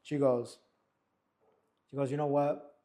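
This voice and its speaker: Animated young man telling a story. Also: mid-range voice, slow pace. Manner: animated, acts out quotes of others. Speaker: barber and podcast co-host. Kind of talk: casual storytelling. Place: barbershop.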